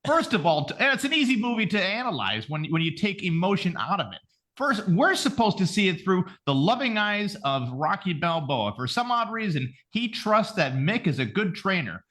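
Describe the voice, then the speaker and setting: A man hosting a podcast in casual chat, animated, rambling and swearing freely. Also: high voice, moderate pace. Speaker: podcast host.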